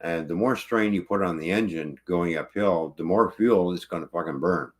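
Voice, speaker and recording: A man's voice: low-pitched, moderate pace. A truck driver ranting angrily about his truck, swearing constantly in casual livestream talk.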